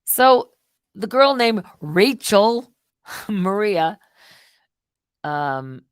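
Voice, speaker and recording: A middle-aged woman hosting a live stream, rambling casually and swinging between loud outbursts and muttered asides. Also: medium pitch, big pitch swings, extremely slow, clear, resonant tone, dry recording, studio quality.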